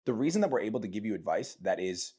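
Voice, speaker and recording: A man hosting a casual podcast, talking fast and swearing freely as he gets fired up. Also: on the low side, sing-song, mellow, husky. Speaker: podcast host.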